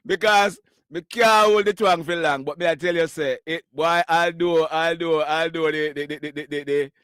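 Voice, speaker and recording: A Jamaican man hosts a call-in show, slipping between patois and plain English and breaking into laughter. His voice sits high, and it is dry and close to the mic. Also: fairly even intonation, normal speed, a bit bright, clean tone, no echo. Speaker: live news show host taking callers. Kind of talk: casual call-in chat.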